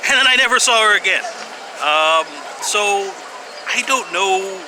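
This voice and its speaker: Speaking a little slowly and expressively, a somewhat high-voiced man vlogs to camera in a loose, rambling monologue. He hesitates often with fillers and sighs and gives wry chuckles. Cars and urban street noise come through clearly from the outdoor setting.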